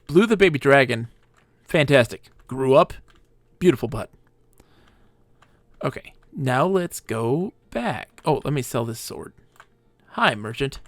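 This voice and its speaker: Heard in a dry recording, a mid-range male voice belongs to a gaming streamer who talks with his viewers and himself during live play.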